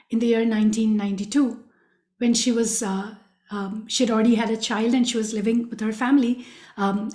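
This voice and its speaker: A woman's voice: on the high side, warm tone. A woman giving an earnest devotional storytelling talk, speaking directly to her listeners. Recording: echoey room.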